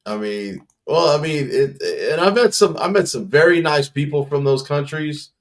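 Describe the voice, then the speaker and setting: A man's voice: a little high, normal speed. A man hosting a livestream, chatting casually and rambling through stories. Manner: rambling, storytelling with restarts. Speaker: livestream host. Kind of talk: casual chat.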